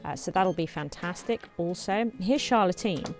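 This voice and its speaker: A woman hosting a let's play, chatting casually and thinking aloud as she builds, her voice slightly hoarse. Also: on the low side, animated, normal speed, soft background music. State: slightly hoarse, clearing throat. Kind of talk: casual gameplay commentary.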